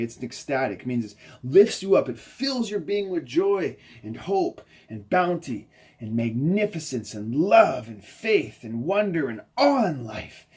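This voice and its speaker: Man, husky voice, inspirational spiritual speaker; effusive, swings from hushed to soaring. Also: medium pitch. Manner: effusive, swinging from soft murmurs to loud, soaring emphasis. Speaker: spiritual healer.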